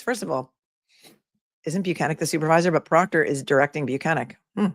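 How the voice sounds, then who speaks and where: A woman attorney reads a legal complaint aloud at a measured pace, her voice sitting a bit low. She stops now and then to make wry remarks to her viewers. The room sounds dry and close, with no echo. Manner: deliberate reading with wry asides to viewers. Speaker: attorney commentator.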